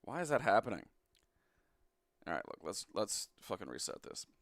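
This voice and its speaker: A man's voice: lowish voice, sing-song, normal speed, vocal fry, no room sound. Sweary Australian man, dry close sound. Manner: sweary, sarcastic, rambling. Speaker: retro game reviewer. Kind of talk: rambling gameplay commentary.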